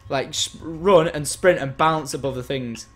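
Excitable man explaining gameplay. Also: a little high, unhurried. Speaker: gaming host. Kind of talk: casual chat while gaming.

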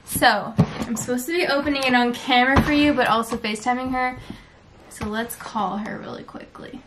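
A young woman in her twenties talking casually to the camera before opening a package, chatty and unhurried. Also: fairly high pitch, fairly even intonation, very noisy. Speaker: friend opening a gift. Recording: music playing over the recording.

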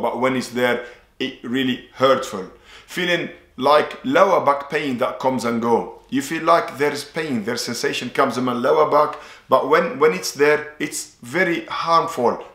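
A man talks in an earnest, instructional way, going over points one after another and repeating himself for emphasis. His voice sits in an ordinary middle pitch. The room around him adds a clear echo. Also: fairly bright tone. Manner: earnest, repetitive explanatory delivery with religious phrases. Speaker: ruqya practitioner. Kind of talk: instructional talk.

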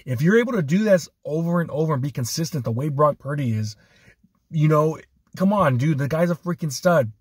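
Man, husky voice, laid-back podcast host, dry sound. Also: a little high, a little fast, no room sound. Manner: relaxed, conversational, casual swearing. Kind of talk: casual chat.

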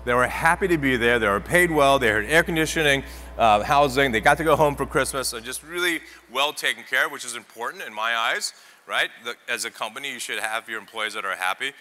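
This man speaks fairly quickly in a mid-range voice with a bright, forceful tone. He's a celebrity chef walking a crowd through a live cooking demonstration at a trade show, playful and chatty, recorded in an echoey hall with faint ambience.

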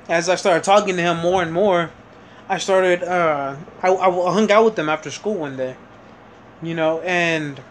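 A young man with a fairly high voice talks straight to the camera in a loose, rambling storytelling style, full of restarts and casual swearing. A faint hum of room ambience sits behind him. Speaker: vlogger.

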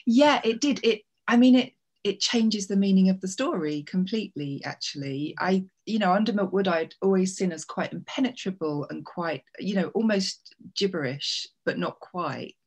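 A woman author reading from her book and then chatting in an interview over a video call, a self-described fast talker who laughs easily. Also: mid-range voice, breathy edge. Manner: quick, laughing, self-described natural gabbler. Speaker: author guest. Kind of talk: reading aloud and casual interview chat.

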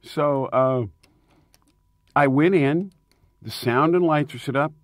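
A man, a touring rock singer, telling tour stories in a casual interview, animated and emphatic, laughing often. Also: on the high side, takes it slowly, dry recording, studio quality.

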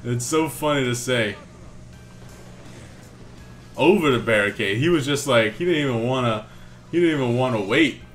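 A man's voice: mid-range voice, measured pace, long pauses, faint music behind. A young man casually commenting on his gameplay in a laid-back, slangy way. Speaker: let's play host.

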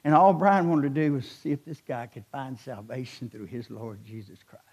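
A man's voice: medium pitch, moderate pace, slightly rough. A man, an assistant pastor preaching a sermon in a church, telling stories and building to emphatic questions. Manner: storytelling, animated, rising to emphatic questions.

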